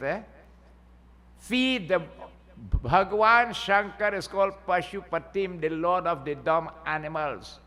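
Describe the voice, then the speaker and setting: A man's voice: fairly high pitch, a bit bright. A man, a pundit, gives a folksy Hindu sermon and keeps checking in with listeners by asking "eh?". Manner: folksy, asks the crowd "eh?" often. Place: Hindu temple hall. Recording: long temple hall reverb.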